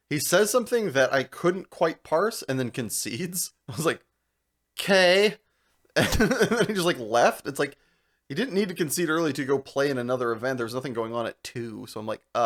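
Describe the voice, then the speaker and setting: A young man co-hosting a podcast, telling a long story in casual chat, animated and laughing as he goes. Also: medium pitch. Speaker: podcast co-host.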